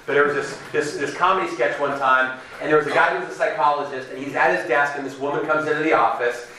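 A man preaching a sermon in a conversational, animated way, acting out the voices of people he quotes. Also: fairly high pitch, fast talker, heavy reverb, far from the mic, slight background noise, low-quality recording. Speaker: pastor.

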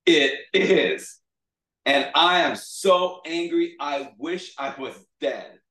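Jonah, a preacher putting on a sulking prophet. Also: male voice, a bass voice, normal speed, pitched below the performer's own voice. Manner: whiny, exasperated complaining. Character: sulking angry male prophet. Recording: echoey room, distant mic.

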